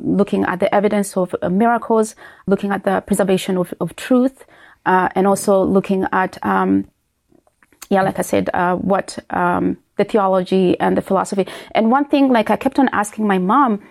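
Guest, a woman from Uganda, creaky, lively, telling her faith testimony. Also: medium pitch, moderate pace. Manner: animated storyteller, many fillers and restarts.

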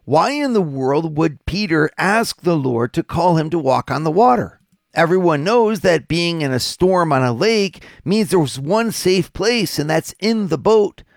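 A man, a priest, giving a measured Sunday gospel reflection and posing questions to his listeners. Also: fairly high pitch, animated, vocal fry, no echo. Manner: measured, questioning preacher's delivery. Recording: dry studio voice over faint music.

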